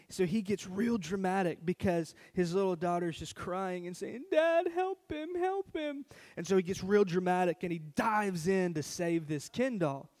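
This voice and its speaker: Animated high-voiced male pastor. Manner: storytelling, animated and conversational. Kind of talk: sermon.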